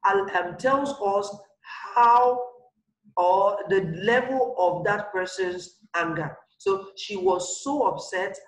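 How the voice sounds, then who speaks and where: Unhurried online teacher; repeats examples, leans on key words; echoey room sound. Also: mid-range voice. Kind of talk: online English grammar lesson.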